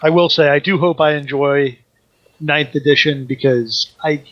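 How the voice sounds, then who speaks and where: Higher-voiced man on a dull mic. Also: moderate pace, dry recording. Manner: joking, profane, relaxed. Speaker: podcast co-host. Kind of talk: casual chat.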